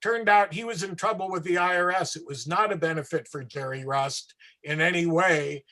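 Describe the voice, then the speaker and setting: High bright-voiced storytelling performer. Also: male voice, moderate pace. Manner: animated, acts out voices, trails into asides. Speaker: street performer. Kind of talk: anecdotal storytelling in an interview.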